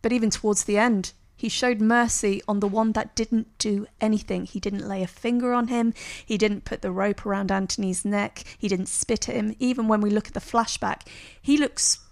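A woman's voice: mid-range voice, fairly even intonation, normal speed, vocal fry, hardly any pauses. A woman co-hosting a podcast, earnestly talking through a film in casual chat. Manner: analytical, earnest. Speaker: podcast co-host.

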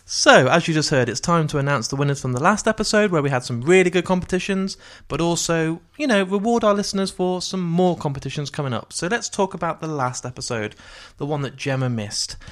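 A man's voice: fairly high pitch, fairly quick, few pauses. A man co-hosting a film review podcast, chatting casually and jokily, swearing freely. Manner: jokey, animated, swears freely. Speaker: podcast co-host.

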